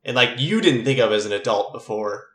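A man's voice: mid-range voice, lively intonation, fairly quick, fairly bright tone. Casual male game master, echoey room. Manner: casual, filler-heavy, laughs easily. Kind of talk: running a tabletop game. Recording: roomy echo.

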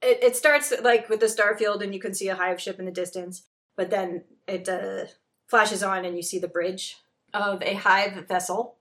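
A woman's voice: medium pitch, steady tone, normal speed, a bit bright. A woman narrating as game master, chatty and joking. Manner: chatty, jokey, lots of fillers.

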